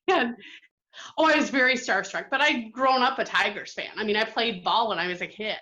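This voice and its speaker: A woman from Michigan, calling in to a podcast and telling a story in a casual, excited way, with halting restarts. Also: a little high, highs cut off. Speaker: caller sharing a memory.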